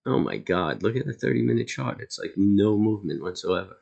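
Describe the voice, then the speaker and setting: A man with a low, gravelly voice talks loosely through a live market stream. He rambles with frequent ums and uhs and chats with his viewers as he goes. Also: expressive, brisk, a little mellow, dull audio. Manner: laid-back, chatty asides to viewers. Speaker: live trading stream host.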